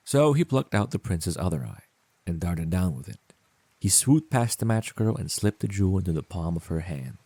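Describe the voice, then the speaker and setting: A man narrating a children's audiobook in a calm, measured storytelling manner. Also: sits low, husky, no echo.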